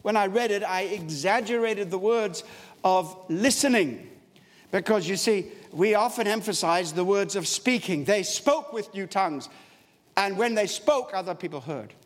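A man's voice: high-pitched, lively intonation, moderate pace. A man preaching a sermon in a church, emphatic and storytelling, with wide swings in his voice. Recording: long hall reverb, faint background noise.

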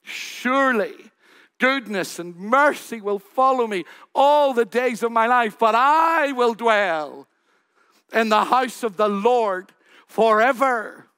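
A man playing an old pastor who speaks slowly, quietly and reverently, with a lower voice than his own. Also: lively intonation, dry recording, studio quality, full character voice. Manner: slow, hushed and deliberate.

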